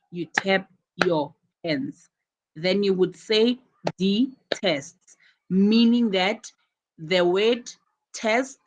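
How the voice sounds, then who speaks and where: Over poor audio, a woman with a medium-pitched voice works through English pronunciation with her students. She explains patiently, saying key words again and putting stress on them.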